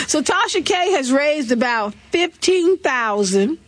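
A woman hosting a talk show, riffing through celebrity gossip with sassy, animated commentary and quick laughs. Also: sits high. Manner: animated, sassy storytelling with laughs and mock voices.

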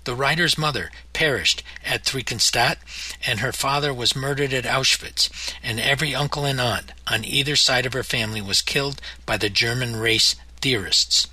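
A man narrating his memoir in a measured, somber audiobook reading. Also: mid-range voice, bright, forceful tone, breathy edge, no echo, poor audio.

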